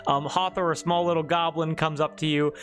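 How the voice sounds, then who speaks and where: A man's voice: fairly high pitch, flat delivery, fairly quick, fairly bright tone, faint music behind. A man running a tabletop game as game master, narrating in a loose, rambling way with many fillers.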